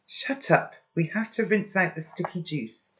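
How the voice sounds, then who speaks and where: A man voicing an urgent, bossy young boy who barks loud, clipped commands in a raised voice. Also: high-pitched, expressive, a little slow, lo-fi sound. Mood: urgent commanding.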